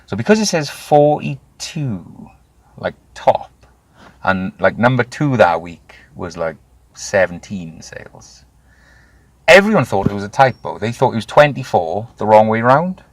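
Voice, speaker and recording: A man, telling his own story candidly in an interview, animated and swearing freely. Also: on the low side, a little slow, no echo. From Wales. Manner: animated, swears freely, acts out quoted voices. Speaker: guest.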